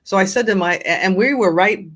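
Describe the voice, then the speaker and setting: Older woman, podcast guest with a low voice and an earnest storytelling manner that keeps restarting sentences. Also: a little fast, a bit bright. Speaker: guest, nonprofit founder. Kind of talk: conversational storytelling.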